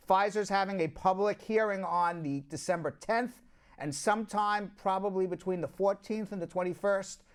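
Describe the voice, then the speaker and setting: A man's voice: high-pitched, clear, resonant tone. A man with a Long Island accent hosting a casual news rundown, chatty and prone to asides to his co-hosts. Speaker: host, immigration news show.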